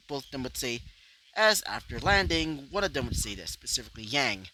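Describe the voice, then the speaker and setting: A man's voice: medium pitch, animated, normal speed, bright, forceful tone, a little hiss or hum, low-quality recording. A man improvising a fan-fiction story aloud in a rambling way, his narration packed with fillers. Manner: rambling, full of "you know" fillers.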